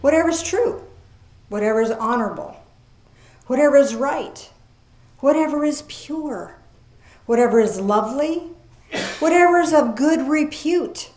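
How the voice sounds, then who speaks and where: Echoey, lively woman preaching slowly. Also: high voice. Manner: lively, folksy preaching with asides and laughs; reads scripture aloud slowly, then comments. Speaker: pastor. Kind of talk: sermon. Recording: echoey room.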